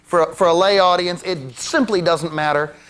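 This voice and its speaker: A man with a fairly high voice gives a demonstration lecture on a mentalism card routine. He talks casually and breaks into joking asides. He often restarts his sentences. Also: moderate pace, fairly bright tone, clear, resonant tone.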